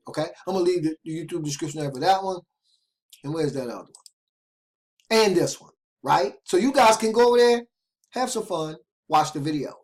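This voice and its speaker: A man hosting an internet marketing video, talking straight to viewers in an excited, casual way, keeps checking in with them. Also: fairly high pitch, husky. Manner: loose casual phrasing with repeated restarts. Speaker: host of an internet marketing channel. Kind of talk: casual direct-to-camera talk.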